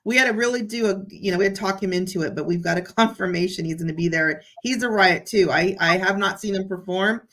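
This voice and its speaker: A woman chatting as a guest, telling a story in an excited, animated way. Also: medium pitch, quick pace, hardly any pauses. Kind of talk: casual chat.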